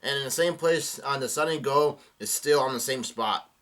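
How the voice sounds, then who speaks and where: A man's voice: mid-range voice, a bit bright. A man reading a comic aloud and commenting on it, with frequent fillers and restarts. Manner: reads aloud haltingly with many fillers and restarts. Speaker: manga reaction host.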